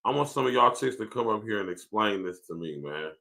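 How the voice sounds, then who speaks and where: In a fairly low, gravelly voice that is bright, forceful, expressive, and brisk, a podcast host rants profanely and casually on a livestream, often laughing and reading viewer comments out loud.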